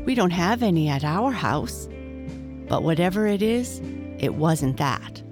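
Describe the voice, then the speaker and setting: A woman voicing an eager young male beaver who talks in a quick, excited way. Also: fairly low pitch, music in the background. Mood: earnest.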